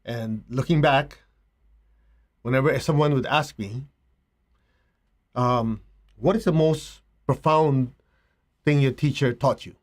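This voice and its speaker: A middle-aged man, a spiritual teacher, giving a slow, reflective talk with rhetorical asides. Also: mid-range voice.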